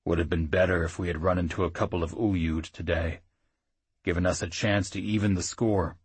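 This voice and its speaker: A gruff half-orc warrior, worn down and growling low, voiced by a man reading an audiobook. The voice sits very deep with a husky edge, and the sound is close and dry. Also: steady tone, moderate pace, no room sound. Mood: weary, gruff. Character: gruff male half-orc rider, weary comrade.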